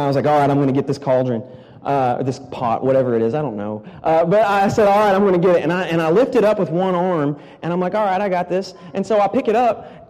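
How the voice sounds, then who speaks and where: Young male preacher, high voice, animated self-mocking storyteller, long hall reverb. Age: young adult. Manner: animated, self-mocking storyteller who keeps asking "okay?". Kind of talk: storytelling sermon.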